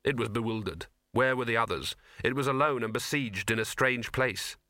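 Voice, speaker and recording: A man reading an audiobook as narrator, in a measured, dry storytelling manner. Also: mid-range voice, bright, forceful tone, no echo. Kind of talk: scripted narration.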